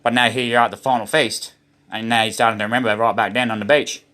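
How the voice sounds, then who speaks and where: A man's voice: medium pitch, steady tone, quick pace, sharp tone. A man with an Australian accent rambling in a preachy monologue, often calling his viewers "guys" as he talks.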